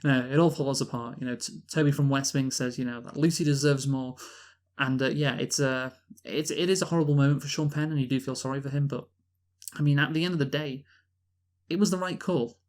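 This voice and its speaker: A man's voice: mid-range voice, steady tone, brisk. A man from Britain in casual podcast chat about a film, rambling with many restarts and fillers. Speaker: podcast co-host, film reviewer.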